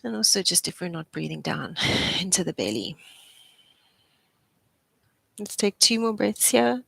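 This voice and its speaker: A woman's voice: fairly low pitch, animated, measured pace, vocal fry, a bit bright, slightly rough, no echo. A young adult woman, a physiotherapist, leading a live posture class with encouraging, chatty cues and frequent laughs. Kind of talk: live exercise class instruction.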